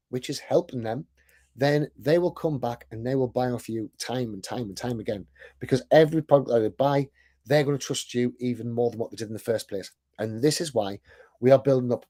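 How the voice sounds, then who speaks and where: An online sales coach and business owner speaks in a mellow, medium-pitched voice with a thick accent. His sales presentation is casual and talkative, with self-deprecating humor and regular "right?" check-ins.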